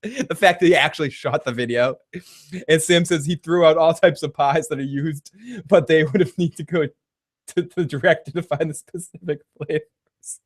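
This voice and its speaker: An excitable man talks through a TV episode in a loose recap chat, swearing freely and breaking into laughter as he retells scenes. His voice sits a touch higher than most men's. He reads viewer comments aloud between his own takes. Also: moderate pace. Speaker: podcast host reviewing a TV episode.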